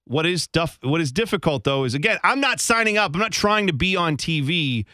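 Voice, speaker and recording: A man co-hosting a radio talk show, arguing his point in a rambling way with halting restarts. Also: fairly high pitch, lively intonation, bright, forceful tone, no room sound, clean studio sound. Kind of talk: casual banter.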